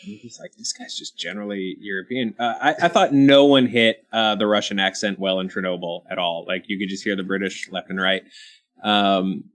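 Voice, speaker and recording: A man from Kentucky hosting a casual panel chat, talking in quick asides full of ums and restarts. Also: sits low, fairly bright tone. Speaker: show host.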